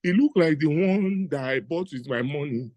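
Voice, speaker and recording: A man's voice: a little high, animated, normal speed, darkish tone, no room sound, pitched below the performer's own voice, close to an everyday voice. A man doing a suspicious stern father. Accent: Nigerian. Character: stern father noticing his stolen bus.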